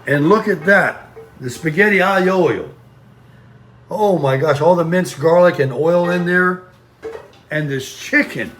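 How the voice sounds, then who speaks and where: Chatty man with a slightly high voice. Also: measured pace, pauses often, a bit bright. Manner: chatty, rambling, folksy. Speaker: vlogger. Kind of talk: casual vlog chat.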